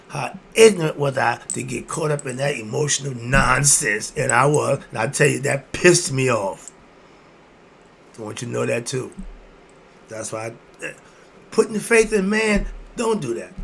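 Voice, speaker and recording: A man with a mid-range, creaky voice delivers an emphatic, preachy commentary monologue, throwing out rhetorical questions and erupting in sudden loud bursts. There's a slight hiss or hum in the audio.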